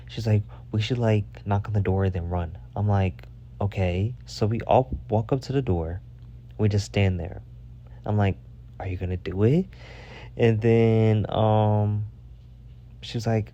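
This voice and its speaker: A young man with a low, mellow voice tells a casual storytime straight to the camera. He is chatty and full of fillers, swears freely, and gets animated and loud when he is riled up. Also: moderate pace, highs cut off. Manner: chatty with filler words and frequent "okay?" asides. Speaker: vlogger telling a story.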